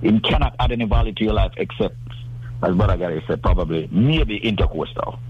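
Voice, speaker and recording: A man pitches credit services on a radio talk show in a lowish voice, pushing his points hard and repeating words. The sound is dull and lo-fi, with a faint hiss underneath. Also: expressive, a little fast. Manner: emphatic, salesman-like, repeats words.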